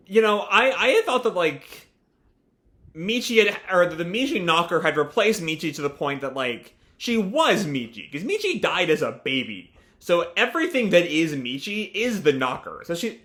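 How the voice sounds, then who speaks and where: Bright, rambling young man reacting to manga. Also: a little high, expressive, moderate pace. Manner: casual, rambling, many fillers. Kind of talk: live reading and reaction.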